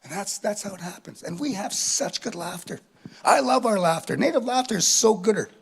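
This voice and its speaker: A man doing stand-up storytelling at a live venue, animated, ending lines with a questioning "eh". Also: high voice, fairly quick, vocal fry, husky. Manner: animated, tag questions with "eh", acts out laughs. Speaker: comedian.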